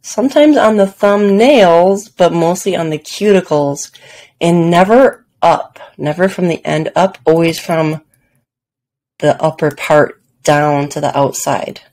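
Woman, podcast host, casual solo chat, low voice, self-deprecating, laughs at herself. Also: slow pace, darkish tone.

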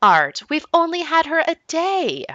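A woman voicing an anxious, placating mother in a children's book read aloud, pitching up high and sounding nervous. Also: very animated, measured pace, pushed and bright, dry recording, muffled recording, exaggerated voice. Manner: high, nervous and eager to smooth things over.

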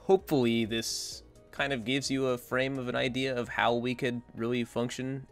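A man's voice: mid-range voice, little pitch movement, normal speed, faint music behind. A man giving casual, rambling opinion commentary as a gaming content creator, blunt and dismissive.

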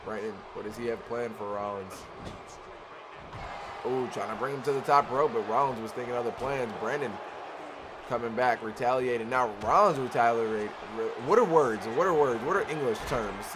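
A man calls a wrestling video game match play-by-play at middle pitch, excitable and quick to shout when a big move lands. A clear layer of noise runs under the home recording.

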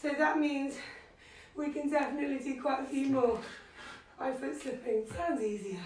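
Breathless high-voiced woman instructor, far from the mic in a very echoey room, low-quality stream. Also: steady tone, normal speed, a little mellow. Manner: encouraging, cueing moves and counting reps. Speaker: fitness instructor. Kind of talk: live workout class instruction. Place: living room at home.

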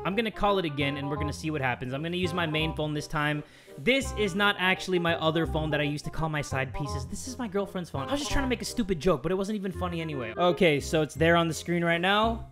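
A young man vlogging with a slightly high, crude, joking voice. He talks loud and casual, with music playing behind him. He is from Southern California. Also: expressive, quick pace. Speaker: YouTuber. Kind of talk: casual vlog chat.

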